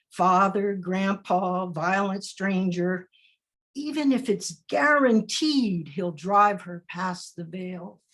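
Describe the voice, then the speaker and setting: A woman reciting her own poetry at an unhurried pace, leaning on measured pauses between phrases. Her voice sits at a middle pitch and comes through a video call. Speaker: featured poet. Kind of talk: poetry reading.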